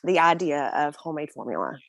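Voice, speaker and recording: A woman's voice: low voice, sing-song, a little fast, no echo. A young woman guest in a casual interview, telling her own story earnestly and emotionally, often breaking into small laughs.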